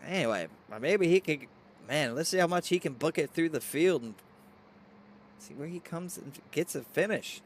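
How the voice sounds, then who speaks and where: A man doing excitable play-by-play race commentary with hiccups, reading viewer chat aloud. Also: a little high, normal speed, a little hiss or hum.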